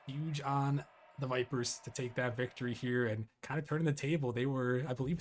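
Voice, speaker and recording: Guy casting esports live, upbeat and chatty, middle pitch, faint background hum. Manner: upbeat, hypes the next match. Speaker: esports caster. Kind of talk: casual live commentary.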